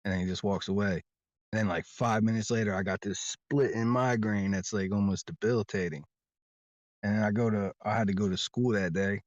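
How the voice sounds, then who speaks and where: A man's voice: on the low side, steady tone, fairly quick, dry recording, lo-fi sound. A man talking casually as an interview guest, rambling and insistent, often repeating his words as he tells a long story.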